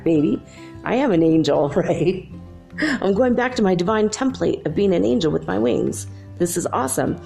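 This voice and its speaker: A middle-aged woman hosting a podcast, telling a dream in a chatty, animated way and laughing often. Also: lowish voice, creaky. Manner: chatty, animated, laughs often, quotes herself and her son. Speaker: podcast host. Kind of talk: casual spiritual storytelling.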